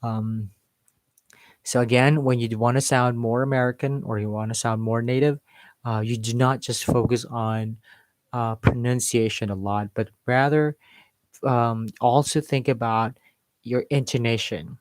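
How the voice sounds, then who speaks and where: Male accent coach, casual live-stream lesson, mid-pitched voice, dry close mic. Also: steady tone, unhurried, no room sound. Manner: explains with modeled examples and filler words. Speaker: English accent teacher.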